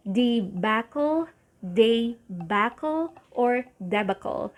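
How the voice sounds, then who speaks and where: A woman with a fairly high voice walks through tricky English words at an unhurried pace. She says each word carefully, repeats it, and corrects herself now and then. Her tone is casual, like a relaxed lesson. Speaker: pronunciation teacher. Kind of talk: casual teaching.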